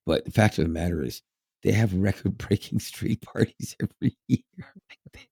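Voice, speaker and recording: Low gravelly man chatting casually. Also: moderate pace, darkish tone, dry recording, studio quality. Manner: rambling, laughs often, many fillers. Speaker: podcast co-host. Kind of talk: casual chat.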